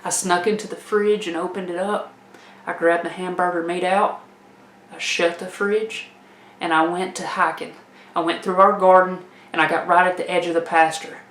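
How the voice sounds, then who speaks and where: A woman telling a comic tale in a folksy, animated way, laughing as she goes. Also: on the low side, moderate pace, roomy sound, a little hiss or hum. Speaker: storyteller. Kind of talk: comedic personal storytelling.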